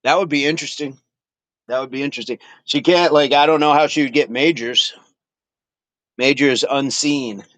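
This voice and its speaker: A man hosts a casual fitness livestream, reading viewer comments aloud, chatting playfully, laughing often and repeating his phrases. His voice is medium-pitched, steady and fairly bright, at a normal speed, and the recording is dry.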